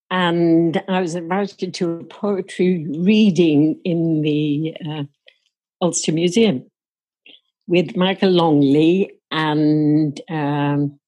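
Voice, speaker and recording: Slow, husky older woman telling a story. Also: low voice, a little mellow, low-quality recording. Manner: wry, amused, laughs while telling. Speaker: storyteller recounting her own past. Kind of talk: casual spoken anecdote.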